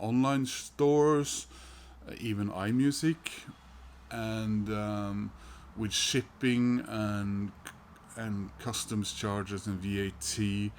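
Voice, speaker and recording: A middle-aged man chats about his record haul in a slow, unhurried voice that sits on the low side. He hesitates often, restarting phrases and filling gaps with little sounds. A faint hiss of background noise sits under the recording. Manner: hesitant, many fillers and restarts, chuckles. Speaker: record collector vlogger. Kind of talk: casual record haul chat.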